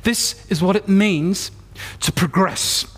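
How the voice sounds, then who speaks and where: A man's voice: sits high, slow pace, a bit bright. A man preaching a sermon, telling a story and rising into fervent, repeated declarations and quoted prayers.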